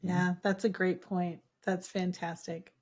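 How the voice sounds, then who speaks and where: A woman's voice: on the low side, flat delivery, a little slow, darkish tone, breathy edge. A woman from Minnesota with a Minnesotan accent, hosting a podcast interview with enthusiasm and rambling praise. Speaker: podcast host.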